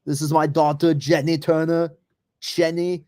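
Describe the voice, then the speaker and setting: A man's voice: a little high, a little slow, voice pushed up, lightly acted. A man putting on a hulking foreign action-movie star with an Austrian accent, speaking stiff and clipped. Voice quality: thick accent, flat clipped delivery.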